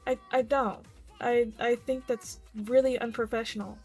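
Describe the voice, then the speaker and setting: A woman's voice: on the high side, fairly even intonation, normal speed, creaky, darkish tone, soft background music. A woman vtuber giving casual, blunt commentary, swearing freely and reading posts aloud.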